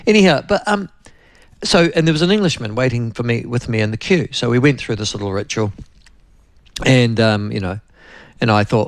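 A man's voice: medium pitch, moderate pace, no room sound. A man with a New Zealand accent hosting a radio talk show, chatting in a rambling, anecdotal way and often turning to his co-host.

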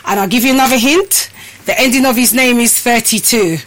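Out of breath woman hosting a live stream, kinda high voice, chatty with her viewers. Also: a little fast, a bit bright, poor audio. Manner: chatty, addresses viewers as people and peeps. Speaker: host. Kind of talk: casual live-stream chat.

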